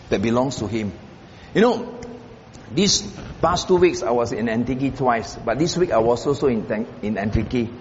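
A male pastor preaches with a high, lively voice that climbs on stressed phrases and drops to a murmur. He repeats key lines for emphasis. The sound is dull and carries a long hall echo over faint noise. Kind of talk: sermon.

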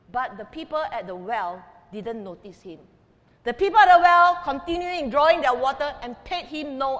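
A woman pastor preaching an emphatic sermon, swinging between loud declarations and quiet asides. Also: sits high, big-room sound. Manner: emphatic, with big swings in loudness.

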